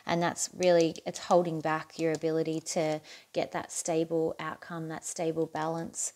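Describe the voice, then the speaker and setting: A woman giving a casual, chatty tarot reading to camera, encouraging and quick to laugh at herself. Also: low-pitched, completely flat delivery, a little mellow. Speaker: tarot reader.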